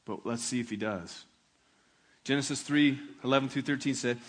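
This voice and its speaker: Delivering a sermon, this medium-pitched male pastor is animated, moving from loud, emphatic passages into quiet, slow, reflective moments.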